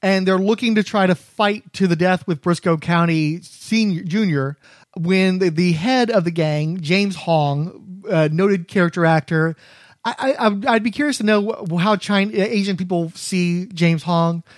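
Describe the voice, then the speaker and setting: Guy with a high voice rambling through a show recap, fixes himself a lot, dry sound. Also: unhurried, dry recording. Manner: rambling, self-correcting recap. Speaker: podcast co-host recapping episodes. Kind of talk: casual chat.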